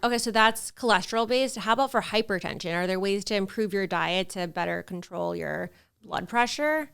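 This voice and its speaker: A woman's voice: mid-range voice, lively intonation, a little fast, gravelly, fairly bright tone, clean tone. A woman podcast host asking curious questions and affirming her guest often. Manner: curious, frequent affirming interjections. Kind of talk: conversational podcast interview.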